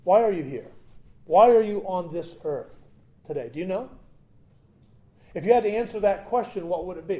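A man preaching a sermon, moving between loud emphatic points and quiet conversational asides with humorous stories. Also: high-pitched, animated, moderate pace, pauses often. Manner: conversational, tells humorous anecdotes. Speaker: pastor.

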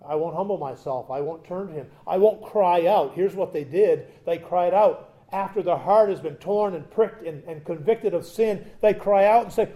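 A man preaching a sermon, moving between loud emphatic points and quiet conversational asides with humorous stories. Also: high voice, moderate pace. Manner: conversational, tells humorous anecdotes. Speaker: pastor.

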